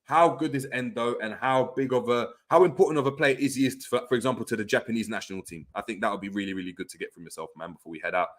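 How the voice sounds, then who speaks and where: A man's voice: medium pitch, quick pace, few pauses. A man hosting a livestream in casual chat, reading viewer comments aloud and reacting, repeating phrases with slang. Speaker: livestream host.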